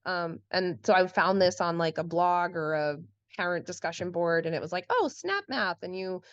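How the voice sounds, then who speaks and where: A woman's voice: on the low side, flat delivery, normal speed, clear, resonant tone, dry recording, lo-fi sound. A woman co-hosting a podcast in casual conversation, chatty and full of "like" fillers, often acting out quoted speech. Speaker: podcast co-host.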